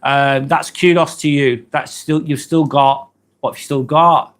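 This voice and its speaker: A man's voice: a little high, fairly even intonation, a little slow, fairly bright tone. A man, hosting a live stream and chatting casually through viewer comments, earnest and hesitant, with many ums and apologies. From England. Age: 40s.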